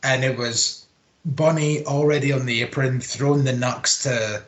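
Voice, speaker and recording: A man's voice: medium pitch, fairly even intonation, fairly bright tone, muffled recording. Casual man in a roomy room. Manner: rambling, swears, quick laughs. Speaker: podcast co-host. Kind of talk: casual wrestling chat. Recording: roomy home recording.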